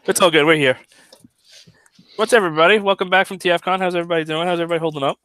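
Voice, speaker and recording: A man's voice: on the high side, steady tone, very fast, a bit bright, smooth, dry recording. A man hosting a casual podcast, congested and phlegmy from a cold, chatting loosely with fillers and restarts. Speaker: podcast host. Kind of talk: casual chat.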